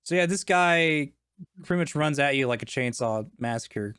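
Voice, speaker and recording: A man's voice: mid-range voice, lively intonation, moderate pace, fairly bright tone, clear, resonant tone, dry recording, clean studio sound. A man as game master, casually narrating combat and explaining the rules.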